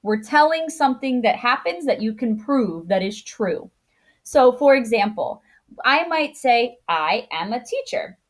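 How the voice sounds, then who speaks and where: A woman teacher giving a grammar lesson to children. She explains patiently step by step, corrects herself as she goes and acts out intonation with big jumps in pitch. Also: animated, unhurried. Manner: self-correcting, thinks aloud.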